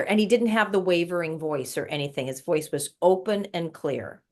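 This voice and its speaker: A woman's voice: lowish voice, normal speed, hardly any pauses. A woman guest telling an emotional spiritual story in casual conversation, repeating words as she recounts it. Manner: emotional, repetitive, breathless recounting.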